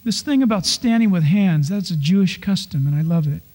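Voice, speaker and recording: A man preaching from the pulpit with a higher-pitched, husky voice. He tells his stories with lively energy and slips into exaggerated voices to act out people's complaints. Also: brisk. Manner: animated storytelling, acting out complaints in high voices. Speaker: pastor. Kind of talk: sermon.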